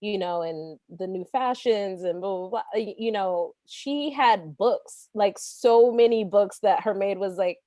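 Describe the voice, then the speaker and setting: A woman's voice: medium pitch, a little slow, few pauses, warm tone, no room sound. Enthusiastic woman on a dry mic. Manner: enthusiastic, laughs often, mimics characters. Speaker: panelist. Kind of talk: casual video-call discussion.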